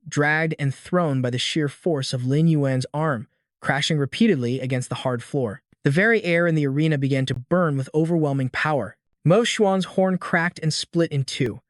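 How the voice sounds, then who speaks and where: A man's voice: on the high side, no echo, clean studio sound. Man narrating a dramatic recap. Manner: dramatic storytelling, reading all dialogue in one voice.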